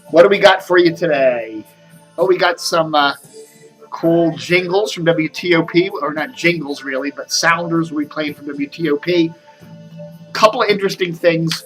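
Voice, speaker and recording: A man's voice: fairly high pitch, a bit bright. A man hosting a casual video show, rambling and reading out figures, his speech a little slurred from a sore in his mouth. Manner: rambling, chatty, reads out numbers. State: talking oddly from a mouth sore. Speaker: host.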